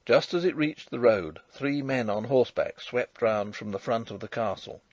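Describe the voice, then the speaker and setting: A man reading a first-person adventure audiobook in a measured, dramatic storytelling manner. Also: mid-range voice, no room sound. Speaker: audiobook narrator.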